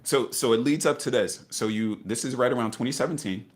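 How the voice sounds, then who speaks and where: A man's voice: medium pitch, a little fast. A middle-aged man telling his investing story in a casual interview, acting out voices with laughter. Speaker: guest investor.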